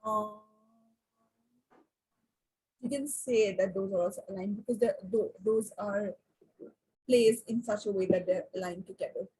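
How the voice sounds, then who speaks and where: A woman teaching an online class, often asking the class questions and pausing with fillers. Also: medium pitch, mellow, slightly rough, rough recording.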